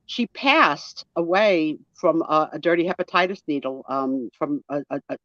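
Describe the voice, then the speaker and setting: Animated storytelling woman with a New Jersey accent. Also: sits low, normal speed, no room sound. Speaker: guest storyteller. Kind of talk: casual chat. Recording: muffled lo-fi audio.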